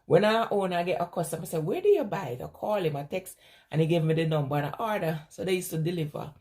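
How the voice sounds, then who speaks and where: A woman's voice: lowish voice, lively intonation, fast, darkish tone. Chatty woman vlogger. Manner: rambling storyteller, laughs often, answers viewer questions. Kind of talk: casual chat.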